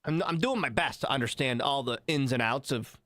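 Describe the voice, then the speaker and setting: A man co-hosting a morning radio show, chatting casually and playfully with quick asides into a studio mic. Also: medium pitch, a bit bright. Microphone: studio microphone.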